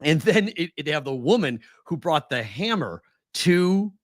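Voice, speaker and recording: A man's voice: a little high, big pitch swings, normal speed, no echo, clean studio sound. A man co-hosting a casual sports podcast, telling a long story with lots of restarts and short laughs. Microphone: remote video call.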